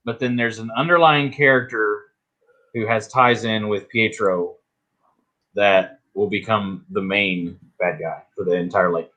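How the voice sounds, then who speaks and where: A man's voice: lowish voice, fairly even intonation, measured pace, bright, forceful tone, lo-fi sound. A man in a casual group chat who talks through his theories in a loose, easy way.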